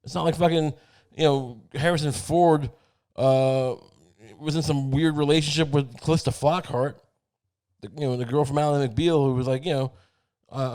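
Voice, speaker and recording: A man's voice: a little high, fairly even intonation, normal speed, darkish tone, smooth. A man hosting a podcast, rambling through a sarcastic, profane comedic monologue. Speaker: podcast host.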